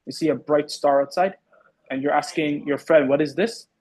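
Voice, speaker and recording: A man teaching an Arabic class to students in the room and online, patiently repeating words slowly. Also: fairly high pitch, fairly even intonation, darkish tone, rough recording.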